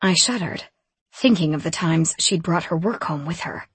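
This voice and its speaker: Husky-voiced woman narrating an audiobook. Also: on the low side, lively intonation, moderate pace, no echo. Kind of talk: first-person fantasy audiobook narration. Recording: dry close studio sound.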